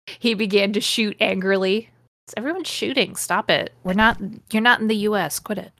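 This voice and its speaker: A woman's voice: mid-range voice, moderate pace, a bit bright, no echo, studio quality. A woman podcast host giving a comedic reading, breaking off with sarcastic, profane jabs at the text. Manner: sarcastic, swears freely, mocks the text. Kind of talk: comedic dramatic reading with commentary.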